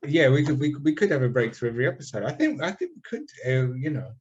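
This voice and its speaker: A man's voice: medium pitch, sing-song, fast talker, highs cut off, a little hiss or hum. A man co-hosting a podcast in casual chat, rambling with frequent restarts. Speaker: podcast co-host.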